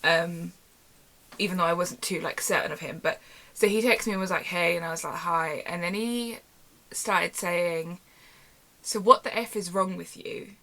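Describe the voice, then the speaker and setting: A young woman casually telling a storytime vlog from her bedroom, animated and chatty, acting out quoted dialogue. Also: on the low side, normal speed. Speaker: YouTuber. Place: home bedroom. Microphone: camera on tripod.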